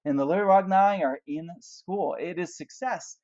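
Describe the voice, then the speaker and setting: A man's voice: sits high, normal speed, a little mellow, lo-fi sound. A man teaching a history lesson, explaining events and asking rhetorical questions as he points out pictures. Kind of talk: classroom history lecture.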